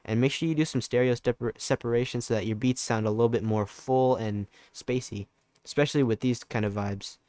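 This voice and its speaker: A man's voice: medium pitch, steady tone, brisk, darkish tone, dry recording. A young man giving a casual, laid-back music production tutorial, loose and full of fillers and restarts. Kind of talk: casual screen-recorded tutorial.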